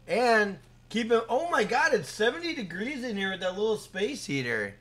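A man's voice: high-pitched, very animated, normal speed, few pauses. A young man live-streaming a game, chatting casually and hyping up his chat by name. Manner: hyped, shouts out chat names.

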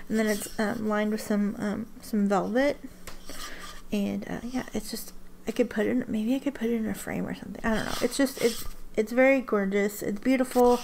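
Chatty woman with a gravelly edge. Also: medium pitch, fairly even intonation, moderate pace, darkish tone, slight background noise. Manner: chatty, rambling, many restarts and ums. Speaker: ink swatching vlogger. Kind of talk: casual chat to camera.

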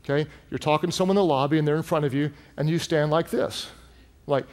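A man preaching in a large church hall, his slightly raised voice carrying a long reverb. He tells stories with animation and drives his points home, climbing to shouts at the peaks. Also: on the high side, fast talker. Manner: animated storytelling, rising to shouts. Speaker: pastor. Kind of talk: sermon.

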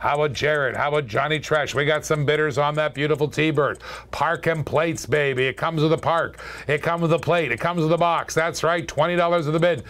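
Man, slightly high voice, live auction host, chatty joking patter, calls out bids. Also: fairly even intonation, brisk, fairly bright tone.

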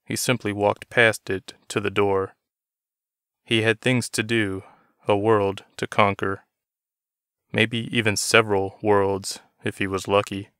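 A man reading a novel aloud as narrator, in a steady, measured storytelling manner. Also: on the low side, clear, resonant tone, no echo, studio quality.

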